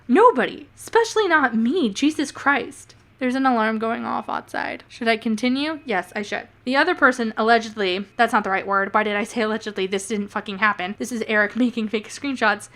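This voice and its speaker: A woman's voice: fairly high pitch, normal speed, pushed and bright. A woman YouTuber giving casual commentary, sarcastic, swearing and often laughing.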